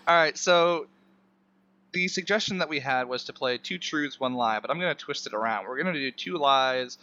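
A man's voice: medium pitch, normal speed, bright, forceful tone. A man hosting a podcast, joking and playful as he sets up a game. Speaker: podcast host. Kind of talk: casual chat. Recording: dull lo-fi sound.

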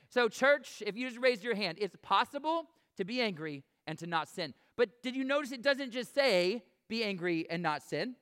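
A man's voice: high voice, pushed and bright. A man preaching a sermon to his congregation, earnest and conversational, asking the room direct questions. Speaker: pastor. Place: church sanctuary before a congregation.

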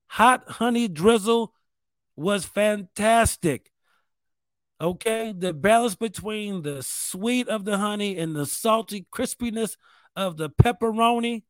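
A man's voice: high voice, fairly bright tone, no echo. A man from New York State hosting a show, talking in a rambling, profane, self-mocking casual monologue. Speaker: podcast host.

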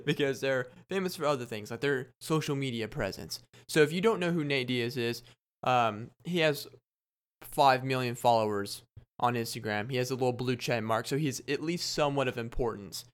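Excitable young man telling a story. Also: mid-range voice, moderate pace, smooth. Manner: excitable, rambling, laughs often. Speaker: podcast host. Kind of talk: casual storytelling monologue.

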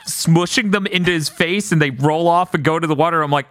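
Male podcast host, bright tone, dry close sound, animated recap that acts out lines. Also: fairly high pitch, a little fast, hardly any pauses, no echo. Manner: animated storytelling, acting out characters' lines; laughs often. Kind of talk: casual chat.

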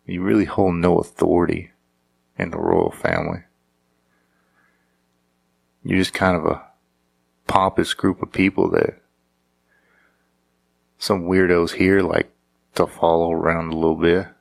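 A man's voice: sits low, expressive, unhurried, gravelly, pauses often. A married man riffing in a casual, sarcastic, rambling monologue, often restarting his sentences. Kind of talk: casual comedic commentary.

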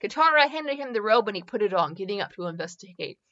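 Bright-voiced woman reading fanfiction aloud. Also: medium pitch, animated, fast talker. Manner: laughs and corrects herself while reading. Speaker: fanfiction reader. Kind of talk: amused casual read-aloud. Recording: dull lo-fi recording.

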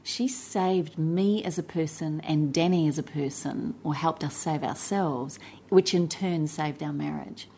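A woman's voice: low-pitched, measured pace, gravelly, hardly any pauses, warm tone, a little hiss or hum. A middle-aged woman, an interview guest, telling a personal story in an earnest, reflective way, often building lists of short phrases.

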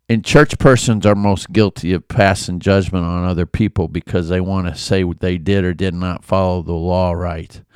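A man's voice: sits low, a little mellow, smooth, dry recording. A man giving an informal, earnest Bible commentary, talking conversationally with asides and restarts. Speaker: Bible devotional host.

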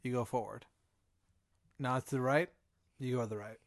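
A man narrating an improvised comedy scenario as game master, in a deadpan second-person style. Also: medium pitch, normal speed, dry recording, clean studio sound.

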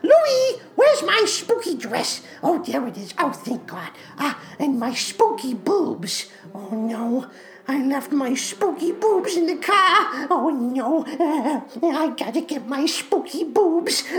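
A woman voicing a frantic, scatterbrained actress who rambles and giggles while rushing to get ready backstage, in a comedic sketch. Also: high voice, pitched above the performer's own voice.

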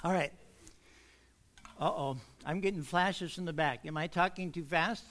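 A man with a notably high voice delivers a church sermon. He eases in with light jokes and casual asides, then slows right down to lean on the key words. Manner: warms up with jokes, easygoing asides. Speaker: pastor. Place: church sanctuary.

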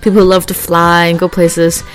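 A woman's voice: on the low side, normal speed. Woman, casual vlog chat, rambling, laughs easily, faint music behind. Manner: chatty, rambling, laughs easily, animated when acting out scenes. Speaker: vlogger.

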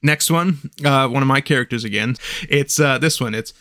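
A man talking casually on a comedy podcast, recounting old jokes with a laugh. His voice has a gravelly edge. The sound is dry and close. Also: medium pitch, normal speed, pushed and bright, no room sound. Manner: jokey, laughing, recounting bits. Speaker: podcast co-host. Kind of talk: casual chat.

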